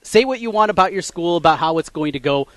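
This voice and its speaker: A man co-hosting a sports radio show, laying out background facts in a measured way and getting lively when he jokes. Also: on the high side, no echo. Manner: measured, recalls facts in detail, gets animated when joking. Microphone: studio mic.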